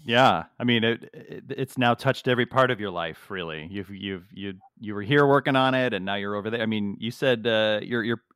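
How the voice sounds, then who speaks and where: A man's voice: fairly low pitch, normal speed, hardly any pauses, a bit bright, clean tone, no room sound, studio quality. A man co-hosting a podcast in casual chat, joking around and restarting his sentences as he goes. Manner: jokey, rambling with restarts. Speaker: podcast co-host. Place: at home in the US. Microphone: remote call recording.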